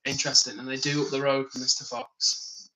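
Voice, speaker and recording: A man's voice: medium pitch, little pitch movement, a little fast, bright, forceful tone, poor audio. A tired, yawning man hosting a live stream, reading chat comments aloud, chatting casually and laughing often. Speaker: livestream host.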